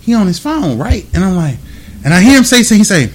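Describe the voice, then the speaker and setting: Lively man, high and very expressive, a crude raconteur. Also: brisk, a little hiss or hum. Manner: animated, profane, acts out quoted voices. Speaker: comedian guest. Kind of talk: casual storytelling.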